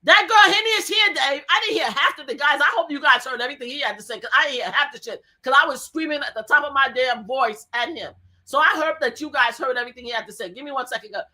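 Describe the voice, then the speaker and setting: A woman hosting a livestream, talking loudly and repeating her demands in a heated argument. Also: sits high, quick pace. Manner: loud, repeats pleading commands. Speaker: livestream host.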